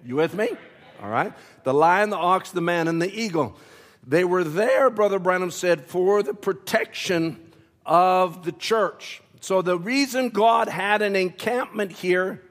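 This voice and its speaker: A man preaching in a church, pitched a touch high and taking his time over each phrase. He talks slowly and deliberately, turning to the congregation now and then, and a nagging cough keeps breaking in. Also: expressive. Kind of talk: sermon. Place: church sanctuary.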